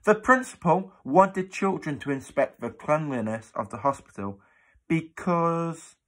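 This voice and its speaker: A man's voice: fairly high pitch, expressive, unhurried, fairly bright tone, voice pushed up. A man voicing a clever young boy who explains earnestly, stumbling over his words, in a storybook reading. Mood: explaining.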